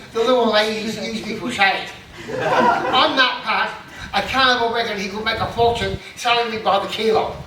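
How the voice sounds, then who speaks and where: A man's voice: high-pitched, distant mic, background noise. A middle-aged man doing self-deprecating stand-up comedy, with punchy joke delivery and laughing at his own jokes. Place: festival stage. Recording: echoey hall, mic heard from afar.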